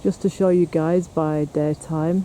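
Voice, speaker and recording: This male paranormal vlogger chats casually to the camera while exploring the woods and a windy hill, teasing as he narrates. His voice sits on the high side, warm in tone, unhurried and fairly even in intonation. Faint wind and outdoor sounds can be heard.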